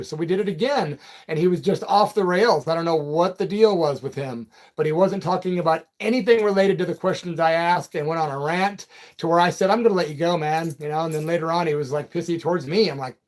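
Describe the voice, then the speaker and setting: A man hosting a casual live chat, reading out viewer comments in a loose, friendly way and calling people brother and man. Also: a little high. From Peoria, Illinois. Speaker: livestream and radio host.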